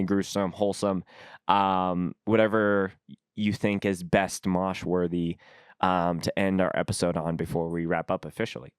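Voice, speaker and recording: A man's voice: deep voice, clear, resonant tone, no echo, clean studio sound. A man hosting a podcast, speaking casually and hesitantly with frequent "um"s. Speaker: podcast host.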